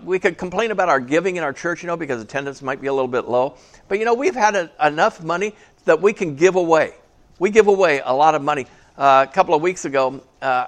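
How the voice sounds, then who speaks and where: A man's voice: fairly high pitch, fairly bright tone. Chatty pastor joking with his congregation. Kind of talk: casual sermon. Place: small church.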